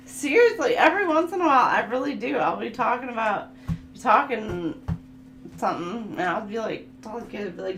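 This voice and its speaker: A woman's voice: on the high side, moderate pace, soft background music. A woman giving a casual oracle card reading, chatting and laughing as she reads the card text aloud. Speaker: tarot reader. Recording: echoey room with steady hum.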